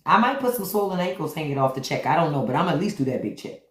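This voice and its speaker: A woman's voice: sits low, sing-song, quick pace, roomy sound. Blunt, profane woman livestream host. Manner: blunt, profane, talks straight to viewers; repeats key words for emphasis. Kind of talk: unfiltered livestream commentary.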